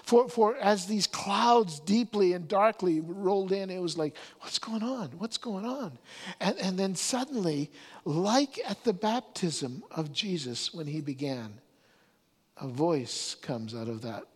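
A man's voice: high-pitched, a little slow, husky, in a large hall. A man preaching a sermon, telling the story earnestly and stumbling over restarts and repeated words.

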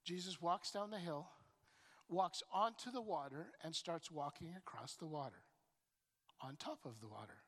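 A woman's voice: sits low, normal speed, husky. Woman preaching in a big hall. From Canada. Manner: animated storytelling, often repeats words when starting a thought. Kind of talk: sermon. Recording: long reverb in a large hall.

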